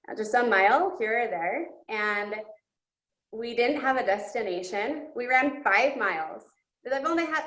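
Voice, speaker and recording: A woman guest speaker giving an earnest, emotional personal testimony. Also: medium pitch. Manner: earnest and emotional, with breaks into laughter. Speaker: guest speaker at a coaching session. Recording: roomy, dull lo-fi sound.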